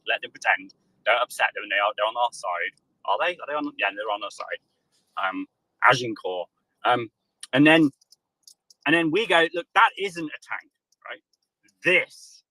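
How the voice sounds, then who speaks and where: British man, husky and animated, sarcastic banter, dry sound. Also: mid-range voice, brisk, no room sound, poor audio. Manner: sarcastic, acts out voices of nations. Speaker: panelist. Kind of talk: animated casual chat.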